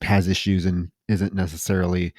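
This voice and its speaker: A man co-hosting a film podcast, talking casually with halting starts and repeated words. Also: low voice, little pitch movement, darkish tone, dry recording, studio quality. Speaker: podcast co-host.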